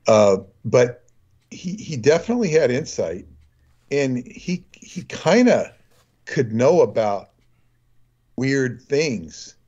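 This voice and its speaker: A man's voice: mid-range voice, big pitch swings, slow, long pauses, darkish tone, muffled recording. A man talking as a guest in casual chat, telling long rambling anecdotes.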